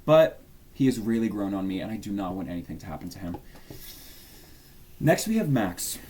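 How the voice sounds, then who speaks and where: Lively low-voiced young man gushing. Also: normal speed, slight background noise. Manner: gushing, chatty, animated, rambling. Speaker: YouTuber. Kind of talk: casual fan tier-list chat.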